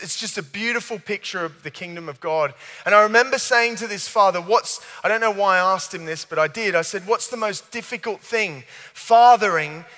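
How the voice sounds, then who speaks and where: A man's voice: sits high, bright, forceful tone. A man preaching at a youth service. He is eager and earnest and keeps stumbling into restarts. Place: large church hall. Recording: long hall reverb.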